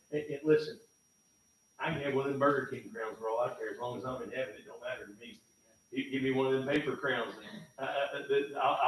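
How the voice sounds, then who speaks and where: A man preaching a sermon in a church, folksy and emphatic, swinging from loud bursts to low, quiet lines. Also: steady tone, fast talker. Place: church sanctuary. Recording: echoey church from far off, faint noise.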